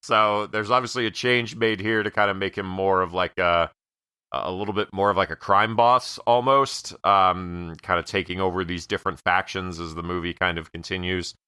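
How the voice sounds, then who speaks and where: A man with a very deep but bright and crisp voice gives his take on a film in a relaxed podcast chat. His speech is full of fillers, and it sounds dry and close to the mic. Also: dry recording. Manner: filler-heavy, measured. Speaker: podcast co-host. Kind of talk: casual movie review chat.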